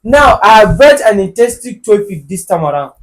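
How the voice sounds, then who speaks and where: High-voiced Nigerian man hosting, animated. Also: brisk, poor audio. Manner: animated, joking, bursts into shouting. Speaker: podcast host. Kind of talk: casual chat.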